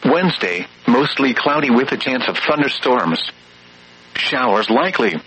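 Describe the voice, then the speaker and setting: A man's voice: mid-range voice, animated, normal speed, bright, forceful tone, husky, poor audio. A synthetic male voice giving an automated weather radio readout, listing readings and forecasts in clipped, evenly paced phrases.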